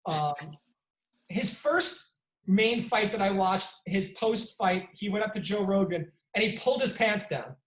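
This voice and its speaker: A man hosting a casual sports debate, telling stories with lively energy and frequent restarts. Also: high-pitched, unhurried, roomy sound, low-quality recording. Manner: animated storyteller, frequent restarts. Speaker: sports debate show host.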